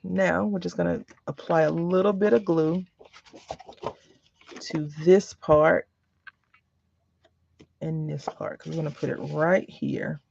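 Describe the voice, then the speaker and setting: A woman's voice: low voice, steady tone, takes it slowly, creaky, long pauses, a little mellow, husky. A woman with a chatty, rambling way of talking, telling anecdotes while she works on a craft project in a casual vlog. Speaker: crafting vlogger. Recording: dull lo-fi recording.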